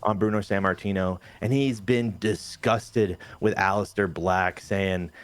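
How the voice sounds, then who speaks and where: Give me a relaxed man with a low voice, casual co-host chat, dry sound. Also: unhurried, dry recording. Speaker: game show co-host.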